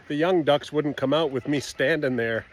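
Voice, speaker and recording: A man vlogging outdoors on his farm, talking casually to the camera and gently chatting to his cats, ducks and geese. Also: fairly high pitch, measured pace, slight background noise. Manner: chats softly to his animals. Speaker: homesteading vlogger. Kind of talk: casual farm vlog talk.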